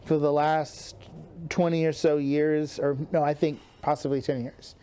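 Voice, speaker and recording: A man's voice: fairly high pitch, flat delivery, measured pace, warm tone, smooth. A man giving casual commentary on an old match, rambling and restarting, laughing easily. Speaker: wrestling partner.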